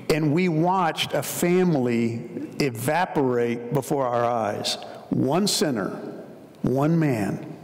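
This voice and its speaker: A man's voice: mid-range voice, slow, darkish tone. A middle-aged man preaching a sermon as pastor, telling stories in a conversational, emphatic way. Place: large church hall. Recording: long church hall reverb.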